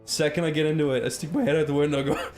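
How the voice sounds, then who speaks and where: A man's voice: a little high, rapid-fire, faint music behind. Laughing Irish man telling a story. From Ireland. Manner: animated, breaks into laughter while telling a story. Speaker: co-host. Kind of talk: casual storytelling chat.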